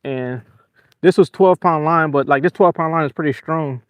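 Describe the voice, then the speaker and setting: A man, hosting a fishing livestream from a small boat and talking casually and excitedly to his viewers. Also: on the high side, normal speed, smooth, no echo. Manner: excitable, venting, apologetic. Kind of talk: casual live-stream talk to viewers. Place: small boat on open water.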